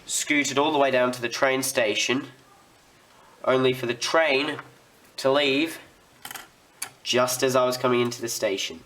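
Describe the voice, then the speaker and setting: Slow-talking Australian hobbyist. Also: male voice, mid-range voice, steady tone, fairly bright tone, slight background noise. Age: student. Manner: rambling, chatty, talks while working. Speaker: model railway hobbyist. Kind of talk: casual hobby tutorial.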